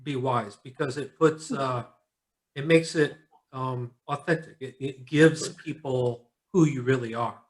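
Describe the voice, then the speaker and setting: A tired man hosting a casual video call chat, relaxed and encouraging, rambling a little. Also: medium pitch, a little slow. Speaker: host.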